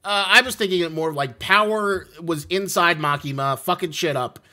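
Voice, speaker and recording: A man's voice: high voice, moderate pace, sharp tone. A man co-hosting a casual podcast chat, joking around and often restarting his sentences with small stammers. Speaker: podcast co-host.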